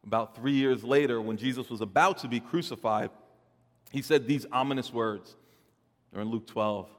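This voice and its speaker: A man preaching a sermon, swelling loud and dropping soft, often repeating words as he builds a point. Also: medium pitch, normal speed, long reverb tail. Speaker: pastor.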